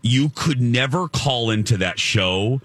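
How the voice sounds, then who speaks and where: A man's voice: mid-range voice, animated, takes it slowly, a bit bright, no room sound. A man in his forties, a radio host, telling rambling self-mocking stories in casual chat. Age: 40s.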